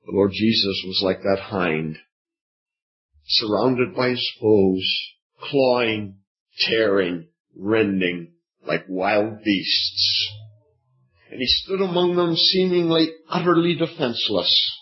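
A man preaching an evening sermon, slow and dramatic, with long pauses and repeated phrases. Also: lowish voice. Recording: dull lo-fi recording.

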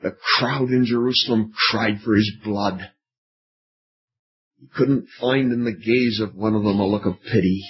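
A man preaching an evening sermon, slow and dramatic, with long pauses and repeated phrases. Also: lowish voice, steady tone. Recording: dull lo-fi recording.

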